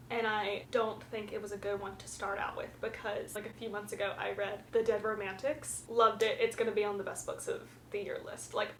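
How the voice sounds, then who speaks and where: A woman's voice: mid-range voice, fairly bright tone. A young woman from the American South giving frank, chatty book reviews in a casual vlog, full of fillers. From Southern United States, the Carolinas. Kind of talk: casual chat. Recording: roomy echo, faint background hiss.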